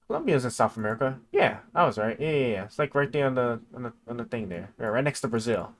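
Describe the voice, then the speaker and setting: A man streaming casually, rambling and stammering with many fillers as he reads and thinks aloud, dropping quieter while he reads and perking up again. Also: medium pitch, sing-song, quick pace. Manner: drifts quieter when reading to himself, then perks up.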